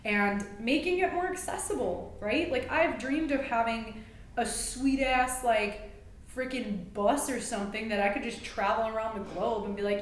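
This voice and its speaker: A woman's voice: a little high, normal speed, slight background noise. Passionate woman podcast co-host, echoey room. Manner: passionate, emphatic, gets fired up. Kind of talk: casual podcast conversation. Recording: echoey room with faint ambience.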